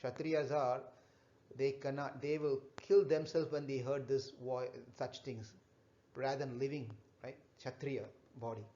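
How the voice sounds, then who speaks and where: A man teaching a children's class, retelling a scripture story in a halting way, repeating himself and stopping to ask the children questions. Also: medium pitch, steady tone, mellow. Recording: echoey, dull room recording.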